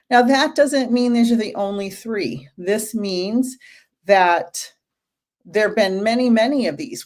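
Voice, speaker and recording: A woman's voice: mid-range voice, a little mellow. A woman hosting a casual live stream Q&A as a medium, chatty and greeting viewers by name, a little out of breath.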